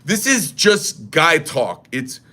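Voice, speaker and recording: Bright, lively man rambling crudely. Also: fairly high pitch, slow pace. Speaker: knife maker and shop host. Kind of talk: casual livestream talk.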